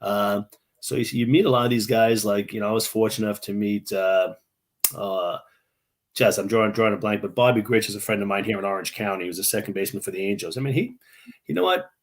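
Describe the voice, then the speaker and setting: A man's voice: fairly low pitch, quick pace. A middle-aged man from New York, a guest on a video-call interview, telling chatty anecdotes full of restarts and mimicking the people in his stories. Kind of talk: casual storytelling.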